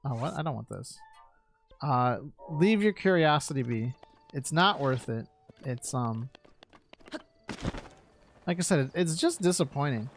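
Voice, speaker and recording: A man's voice: mid-range voice, animated, a little slow, long pauses, faint music behind. A man from New York chatting casually while streaming, rambling with lots of "like" and "right?" and frequent laughs.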